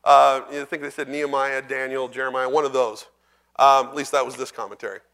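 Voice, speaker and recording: A man preaching a sermon in a church, speaking conversationally to the congregation, asking them questions and reading scripture slowly and deliberately. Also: mid-range voice, little pitch movement, a bit bright.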